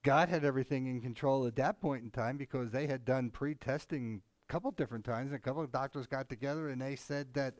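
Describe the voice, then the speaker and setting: A man's voice: medium pitch, fast, hardly any pauses, dry recording. A man co-hosting a casual Bible discussion, talking in a rambling, conversational way with many asides and frequent chuckles. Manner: chuckles often, mimics others animatedly. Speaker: Bible study co-host.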